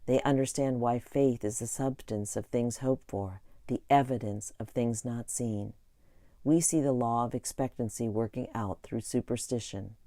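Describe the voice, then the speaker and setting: Man, audiobook narration, calm, mid pitch, warm, dry close mic. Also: moderate pace, dry recording. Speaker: audiobook reader. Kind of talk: audiobook narration of an inspirational book.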